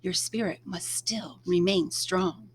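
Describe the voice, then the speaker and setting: A woman reading aloud, voicing a gentle, wise spirit rabbit that speaks slowly and softly in a lowered voice. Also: steady tone, slightly rough. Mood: solemn. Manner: slow, soft, solemn.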